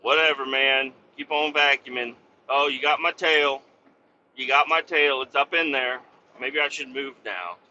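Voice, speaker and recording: A man's voice: mid-range voice, unhurried, bright, forceful tone, highs cut off, a little hiss or hum. A man voicing a lazy, indifferent female German Shepherd who drawls. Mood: unbothered.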